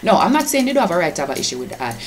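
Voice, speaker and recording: A woman's voice: lowish voice, very animated, rapid-fire, slight background noise. A woman from Jamaica with a Jamaican accent, talking straight to camera in a direct, opinionated commentary vlog. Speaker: vlogger.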